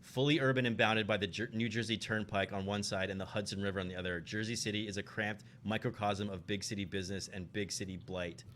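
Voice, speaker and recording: A man's voice: fairly low pitch, steady tone, fast, hardly any pauses, fairly bright tone, slight background noise. A man hosting a tabletop game stream, chatting casually and reading setting text aloud. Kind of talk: casual chat.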